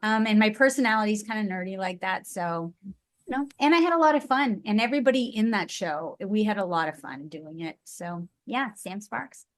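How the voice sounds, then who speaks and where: A woman voice actress chatting casually as an interview guest, bubbly and quick to giggle. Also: mid-range voice.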